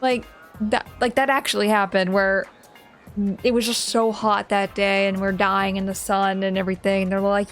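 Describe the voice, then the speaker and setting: A woman's voice: medium pitch, level tone, moderate pace, soft background music. A woman streaming a video game, chatting casually and animatedly as she plays, often breaking into laughter. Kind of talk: casual gameplay commentary.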